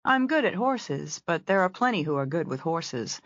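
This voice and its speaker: A woman reader voicing a brisk, self-assured young woman who manages a ranch resort. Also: on the low side, very animated, no echo, dull audio.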